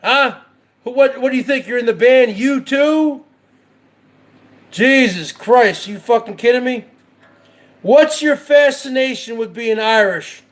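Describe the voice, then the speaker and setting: A man hosting his own show, ranting in heated, profane, repetitive commentary. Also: very high voice. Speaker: show host.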